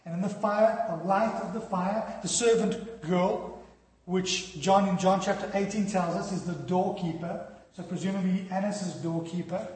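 Pastor preaching, high-ish voice, big echoey church hall, tells it like a story. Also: male voice. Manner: storytelling, animated with dramatic drops in volume. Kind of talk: sermon.

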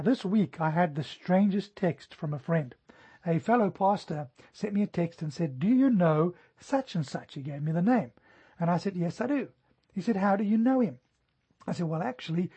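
A man preaching a sermon in a high, husky voice with a mellow, dark tone. He tells stories in an animated way, rising to emphatic peaks. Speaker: pastor.

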